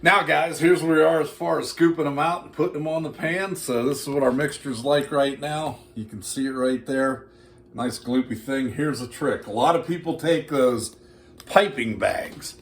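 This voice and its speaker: A man's voice: fairly high pitch, moderate pace, reverberant, slight background noise. A man demonstrating a recipe in a casual cooking vlog, folksy and joking as he talks straight to his viewers. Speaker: home cooking vlogger. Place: home kitchen.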